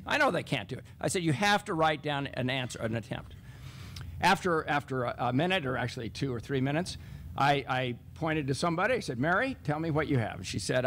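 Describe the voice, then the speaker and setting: A man speaks on a teaching panel with a fairly high voice that swings widely in pitch. He tells a classroom anecdote and acts out the exchanges. A faint room hum sits underneath. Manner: animated, acts out classroom dialogue with raised pitch. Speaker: math professor on a teaching panel. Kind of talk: storytelling panel talk.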